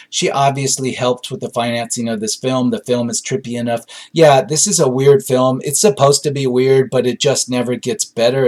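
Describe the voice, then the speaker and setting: A man's voice: medium pitch, darkish tone. A man casually reviewing a film on his own, reading out audience reviews and talking with lots of fillers. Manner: rambling, frequent fillers and hedges.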